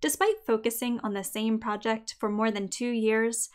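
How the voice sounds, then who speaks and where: A young adult woman hosting a podcast, reading a scripted episode in an upbeat, clearly enunciated way. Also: a little high, moderate pace. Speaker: podcast host.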